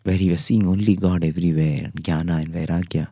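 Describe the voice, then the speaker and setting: Deep indian english guy telling a spiritual story, earnest, kinda husky, dry close sound. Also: fairly even intonation, brisk, no room sound. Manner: earnest, storytelling, ends lines softly. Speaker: spiritual podcast host. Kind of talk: devotional talk.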